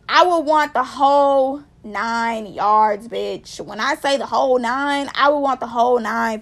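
High-voiced woman ranting animatedly. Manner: animated, profane, emphatic ranting; speaks directly to viewers. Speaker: vlogger. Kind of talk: casual storytelling commentary.

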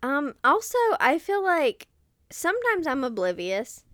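A young woman co-hosting a podcast in casual chat, animated, acting out her own lines. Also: high voice, measured pace, no room sound, clean studio sound. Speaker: podcast co-host.

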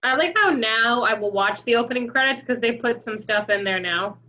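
Young woman co-host, bright voice, wry casual chat, dull lo-fi recording. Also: on the high side, animated, normal speed. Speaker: podcast co-host. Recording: dull lo-fi sound.

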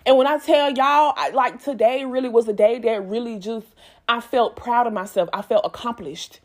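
A woman's voice: fairly high pitch, moderate pace. Woman in her twenties giving a pep talk. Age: 20s. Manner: casual, repetitive, emphatic pep talk. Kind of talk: motivational self-talk monologue.

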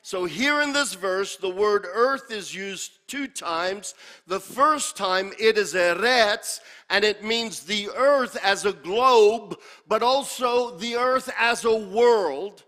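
A man's voice: sits high, takes it slowly, pushed and bright. A man preaching a sermon, teaching from scripture, repeating key words and calling on the congregation to answer. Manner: calls for congregation responses. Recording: long hall reverb.

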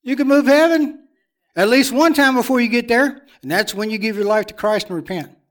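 A man with a high voice preaches a sermon, hammering points home through repetition. He shifts between loud declarations and hushed, confiding asides. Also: lively intonation, a little fast.

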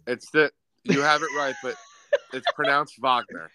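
A man's voice: on the high side, little pitch movement, normal speed, sharp tone, no echo, rough recording. A young man hosting a casual sports quiz on a podcast, teasing the players and calling out the score. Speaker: podcast host, quizmaster.

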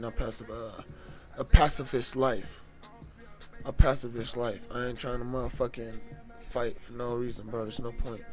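Young guy going off telling a story, heated and cussing a lot, faint music in the back. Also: medium pitch. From United States. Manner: profane, heated, animated retelling. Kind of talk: casual storytelling to camera.

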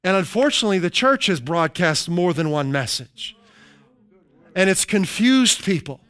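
Here a middle-aged man preaches as a pastor, his voice high, smooth and resonant, animated and a bit bright. He stretches out important phrases to stress them before easing into casual side remarks. The sound is close and dry, without echo.

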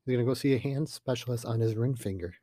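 A man co-hosting a casual fantasy football chat, giving short, deadpan replies. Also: medium pitch, fast talker, no echo. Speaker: podcast co-host.

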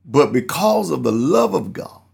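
Guy preaching, telling a story from his own life, earnest, kinda gravelly voice. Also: mid-range voice, very animated, measured pace, darkish tone. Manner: earnest, storytelling, acts out quoted people. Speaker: pastor. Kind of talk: sermon with personal testimony.

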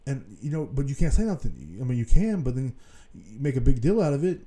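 A man's voice: medium pitch, sing-song, a little fast, dark tone. A man hosting a solo podcast, rambling casually with lots of swearing and filler phrases. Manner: rambling and profane, full of "you know what I'm saying". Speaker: podcast host.

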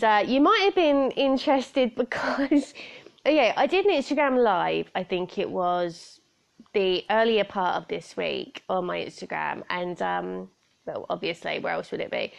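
Bubbly woman chatting on her podcast, fairly high voice, jokes at herself. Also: creaky. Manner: chatty, bubbly, self-deprecating. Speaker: podcast host. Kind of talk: casual solo podcast chat.

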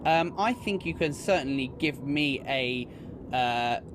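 A man narrating a tabletop game as game master, describing scenes in an unhurried, casual way. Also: mid-range voice, lively intonation, noisy background.

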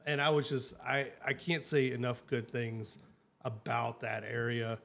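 A man's voice: mid-range voice, flat delivery, a little slow, gravelly, fairly bright tone. Enthusiastic man hosting a travel chat. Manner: enthusiastic, chatty, many fillers and restarts. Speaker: travel show host.

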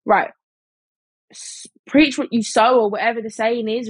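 A woman's voice: on the high side, normal speed, husky, no echo, rough recording. A young woman chatting casually in a storytime vlog, full of fillers and mimicking other people in quotes. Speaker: vlogger.

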